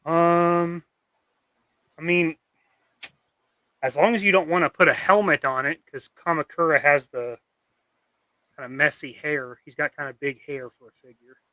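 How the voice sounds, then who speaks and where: A young man hosting a live stream about customizing toys, chatting casually and easygoing, halting now and then with fillers. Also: a little high, fairly even intonation, sharp tone, no echo. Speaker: host and toy customizer.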